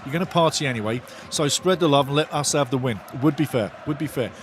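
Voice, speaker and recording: A man hosting a live football watch-along, commentating excitedly, shouting at big moments and reading viewer comments aloud, often repeating his phrases. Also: mid-range voice, fast, slight background noise.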